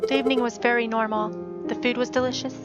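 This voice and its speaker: A woman's voice: on the high side, little pitch movement, fast, close to an everyday voice. A woman voicing a young noble lady, sweet and prim, who speaks politely and formally. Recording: dull audio under loud game music.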